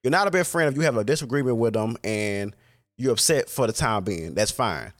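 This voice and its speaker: A man's voice: mid-range voice, expressive, a little fast. A man talking casually in a reflective monologue, rambling and swearing freely.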